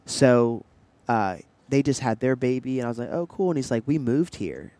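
A young man chatting on a podcast with his partner. He tells stories with lively energy, jumping into goofy accents and voices. His voice sits at an ordinary middle pitch. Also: normal speed. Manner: animated storyteller, tries silly accents. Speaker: podcast co-host. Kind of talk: casual chat.

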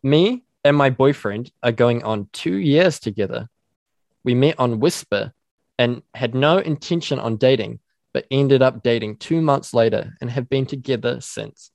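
Animated swearing New man. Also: mid-range voice, measured pace, vocal fry, no echo. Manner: animated, swears a lot, gets worked up. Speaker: podcast co-host. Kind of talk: casual chat and reading listener questions. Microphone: desk microphone.

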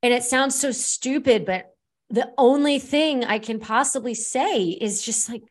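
A woman's voice: a little high, a little slow. A woman hosting a podcast, talking casually, laughing easily and reflecting at length. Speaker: podcast host. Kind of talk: casual chat.

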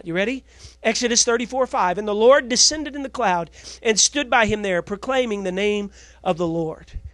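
A male preacher delivering a sermon who keeps asking his congregation if they are ready, swinging between loud declarations and hushed asides. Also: very high voice, no room sound. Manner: call-and-response, asks the congregation "you ready?".

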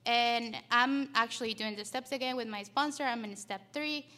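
A young woman sharing her recovery story at a meeting, halting and emotional, close to tears. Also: a little high, sharp tone. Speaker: short speaker at a recovery meeting. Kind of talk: personal recovery share.

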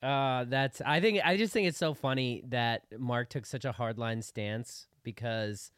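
A man's voice: medium pitch, unhurried, fairly bright tone, clean tone, dry recording, studio quality. A man co-hosting a podcast, riffing wryly with friends. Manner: wry, laughing, riffing. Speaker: podcast co-host. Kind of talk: casual podcast banter.

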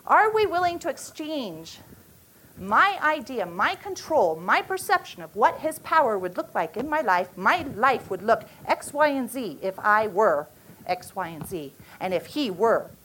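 A woman in her forties with a notably high voice leads a retreat session. She speaks earnestly, often breaking off and restarting her sentences as she works through a thought. When she tells her stories, her voice carries real emotion. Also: big pitch swings, fairly bright tone, a little hiss or hum, poor audio. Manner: earnest, halting, emotional storytelling. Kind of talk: women's retreat teaching.

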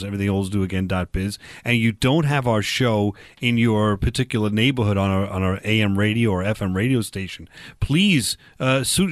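A man's voice: fairly low pitch, dry recording, studio quality. A man hosting a radio talk show, chatting casually and rambling with fillers and restarts.

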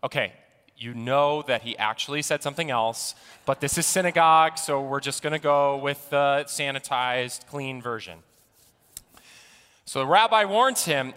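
A man giving a sermon in a deliberate storytelling manner. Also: mid-range voice, fairly bright tone, clear, resonant tone, in a large hall. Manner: storytelling, slow and deliberate delivery. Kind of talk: sermon with an opening joke.

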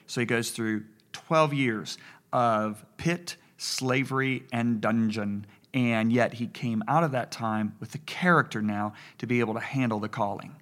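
A man's voice: medium pitch, a little slow. A man in his sixties, a pastor co-hosting a faith talk show, telling stories and acting out dialogue as he preaches. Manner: storytelling, animated retelling of dialogue. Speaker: pastor and co-host. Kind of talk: preaching conversation.

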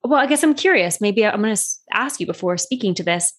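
A woman with a mid-pitched voice puts a question to her podcast guest. She sounds hesitant and curious, feeling her way toward the question. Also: expressive, fast.

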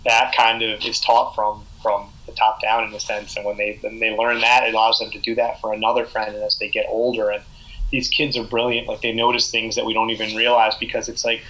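A man's voice: fairly low pitch, completely flat delivery, brisk, sharp tone, low-quality recording. A man, an educator, talking earnestly in casual conversation. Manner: earnest, reflective.

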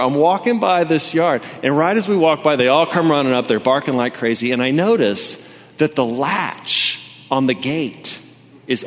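Animated pastor in a reverberant hall. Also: male voice, on the high side. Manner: animated storytelling, casual with many fillers. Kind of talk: sermon with personal story. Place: church hall with congregation. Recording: long reverb from a large hall.

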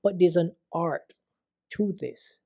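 A man who works as an aesthetic injector, explaining treatments in a solo podcast in a calm, instructive way and stressing key words. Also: on the high side, slow, vocal fry.

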